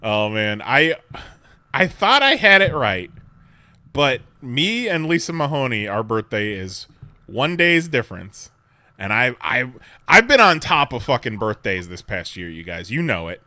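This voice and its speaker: Podcast co-host, male, bright animated voice, laid-back and profane, dry close mic. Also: mid-range voice, measured pace, no echo. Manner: laid-back, swears casually, laughs often. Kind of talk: casual chat.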